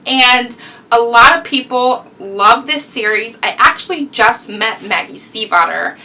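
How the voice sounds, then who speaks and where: Chatty bright-voiced young woman. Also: a little high, expressive, a little slow, recorded from a distance, rough recording. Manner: chatty, rambling, enthusiastic. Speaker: book vlogger. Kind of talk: casual book review vlog.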